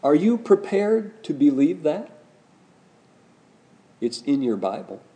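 Man preaching with a very dark tone. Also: on the high side, very animated, slow. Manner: emphatic preaching with rising, pointed questions. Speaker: pastor. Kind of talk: sermon.

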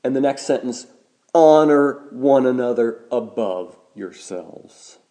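A man preaching a sermon as a pastor, measured and deliberate, slowing down to stress key words. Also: mid-range voice, expressive, mellow.

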